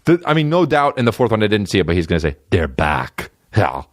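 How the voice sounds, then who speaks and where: A man's voice: mid-range voice, very animated, racing, dry recording, studio quality. A man hosting a comedy podcast, riffing and jumping into exaggerated character voices. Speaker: podcast host.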